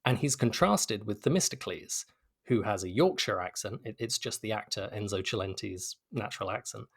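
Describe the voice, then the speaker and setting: British dev guy talking passionately in an interview, low-ish voice, lots of little restarts. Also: animated, normal speed, fairly bright tone, slightly rough. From Britain. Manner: enthusiastic, articulate, with frequent restarts. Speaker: game developer and writer. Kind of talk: interview answer.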